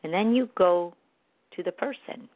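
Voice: mid-range voice, moderate pace, dry recording. Earnest speaker on a tinny line. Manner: earnest, talks through steps of an apology. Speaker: podcast speaker on forgiveness. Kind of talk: reflective spoken monologue. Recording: tinny phone-like line, dry.

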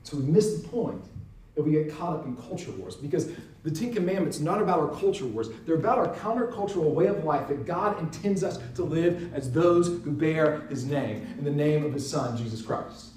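A man's voice: fairly high pitch, expressive, normal speed, a little mellow, slight background noise. Earnest man teaching in a roomy space. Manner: earnest, emphatic, tag question "right?". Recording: roomy sound, mic at a distance.

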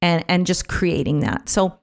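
A woman talking casually on her own podcast, chatty and animated, with many fillers and restarts, sometimes acting out other people's voices. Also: on the low side, unhurried, vocal fry. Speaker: podcast host. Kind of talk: casual solo podcast talk.

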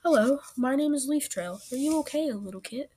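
A woman voicing a kind, motherly female warrior cat in a storybook, gentle and friendly. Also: high-pitched, animated, a little fast, pitched above the performer's own voice.

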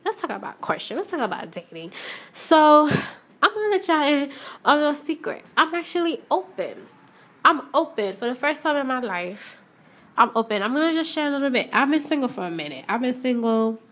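A woman's voice: high-pitched, very animated, brisk, a bit bright. A young adult woman hosting a casual solo podcast, chatting and repeating herself as she talks straight to listeners from her shop. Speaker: podcast host. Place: shop, stepping in and out of doors.

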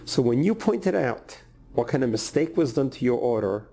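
A man voicing a humble restaurant manager who apologizes softly and speaks earnestly. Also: medium pitch, big pitch swings, normal speed, creaky. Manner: soft, contrite, earnest.

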